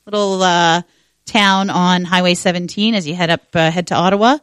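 A woman from Ontario, Canada, joins a casual radio chat and tells a relaxed, chatty story. Her voice is smooth and resonant. The mic is dry and close. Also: lowish voice, normal speed, dry recording.

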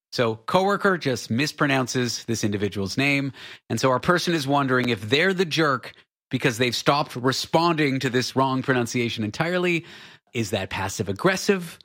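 A man's voice: medium pitch, sharp tone. A man in his forties from Canada, co-hosting a radio talk show in a chatty, self-deprecating way. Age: 40s. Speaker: radio co-host. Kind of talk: casual radio chat.

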